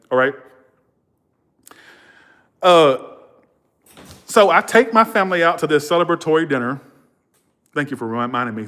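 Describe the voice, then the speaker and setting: A man, a tarot reader hosting a livestream, telling stories with feeling and swearing freely. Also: medium pitch. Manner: animated, emotional, swears freely; thanks viewers warmly and repeatedly. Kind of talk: casual livestream storytelling.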